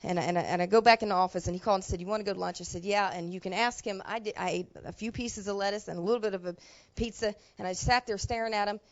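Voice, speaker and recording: A woman pastor telling a personal story in a sermon, talking in a plain, colloquial way that drops to quiet asides and rises to loud emotional bursts. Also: medium pitch, fairly even intonation, quick pace, few pauses, highs cut off. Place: church sanctuary.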